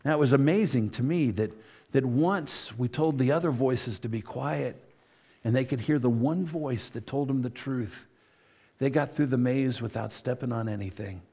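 A man's voice: mid-range voice, normal speed, warm tone, breathy edge. Conversational man preaching a sermon. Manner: conversational, with many asides and self-corrections. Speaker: pastor.

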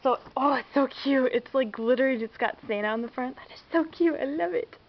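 A young woman vlogger chats casually through an unboxing in a room at home, her voice sitting high and fairly quick. She's bubbly and gushing, often squealing and giggling. The home camera audio is dull and lo-fi with faint hiss.

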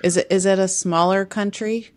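A woman co-hosting a podcast in casual chat, upbeat and asking questions with quick affirmations. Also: mid-range voice, steady tone, no echo.

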